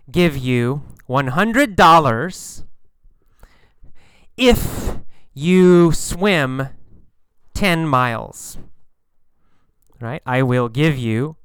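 A man teaching English slang, explaining slowly and patiently, repeating phrases and acting out quoted lines. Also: medium pitch, a bit bright, clean tone, dry recording. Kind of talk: slow explanatory lesson.

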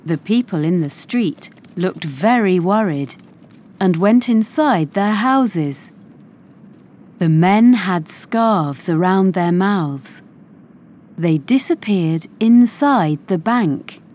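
A woman reading a children's storybook aloud in a slow, clear and careful way. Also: on the low side, animated, darkish tone. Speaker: narrator.

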